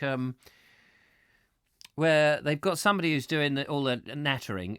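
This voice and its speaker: A man reads from a book on a live stream with a lively, swooping voice that drifts into playful, rambling chatter with his viewers. The sound is dry and close, with no room around it. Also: fairly high pitch, no room sound. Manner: playful, rambling, chuckling asides. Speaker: live-stream host reading a book aloud. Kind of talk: reading aloud with chatty asides to viewers.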